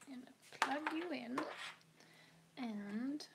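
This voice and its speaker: Slow, gravelly woman muttering while sewing. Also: a little high, steady tone, noisy background. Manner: muttering, often whispering to herself. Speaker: sewing vlogger. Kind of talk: casual livestream chat while sewing. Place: home sewing room.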